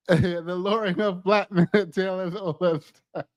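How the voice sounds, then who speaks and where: A man with a high voice talks slowly and playfully to a livestream chat. He teases viewers and laughs often, sometimes repeating himself. The sound is dry and close to the mic. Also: fairly even intonation, no room sound. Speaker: livestream co-host. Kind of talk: casual livestream commentary.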